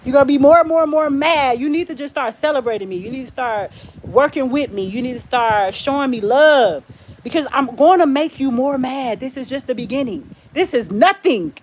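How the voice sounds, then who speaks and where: A woman on a casual live stream, speaking in a somewhat high voice. She is blunt and defiant, laughs often, and talks straight back to viewers' comments. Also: animated, normal speed, a little hiss or hum.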